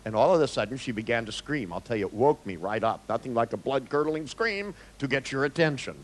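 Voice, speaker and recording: A man's voice: mid-range voice, animated, fairly quick, low-quality recording. A man, a therapist, giving a live seminar talk, telling stories with jokes and blunt swearing. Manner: joking, storytelling, blunt, with swearing.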